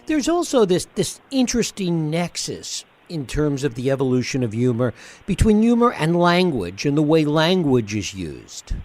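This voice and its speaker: A male interview host with a fairly high, very animated voice. He asks brief, measured questions.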